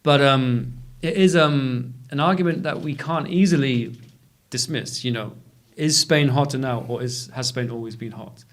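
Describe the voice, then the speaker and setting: Male co-host, relaxed conversational delivery, halting at times. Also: mid-range voice. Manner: conversational, hesitant with fillers. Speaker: podcast co-host, journalist. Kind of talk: casual chat.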